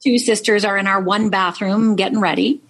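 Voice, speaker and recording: A woman's voice: medium pitch, fairly even intonation, normal speed. A middle-aged woman from Upper Michigan, a life coach, telling a personal story in an interview, earnestly checking in with "right?". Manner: earnest, frequent "right?" tags.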